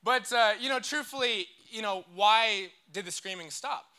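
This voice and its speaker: A man's voice: sits high, normal speed, bright, forceful tone, clear, resonant tone. A young man giving a casual, joking sermon in church and leading the crowd in call-and-response. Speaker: church speaker.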